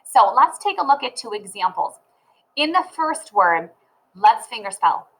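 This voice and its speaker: A woman teaching a phonics lesson to children, sounding out letters and words slowly and clearly. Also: on the high side, sing-song, poor audio.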